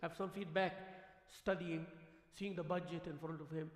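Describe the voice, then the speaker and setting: A high-pitched man preaches in a mosque hall, his voice ringing with long reverb. He talks in a loose, conversational way, acting out the voices of the people he talks about and slipping in Arabic words. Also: moderate pace. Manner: animated, acts out quoted voices, sprinkles Arabic words. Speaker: imam. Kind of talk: conversational sermon. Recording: echoey hall livestream.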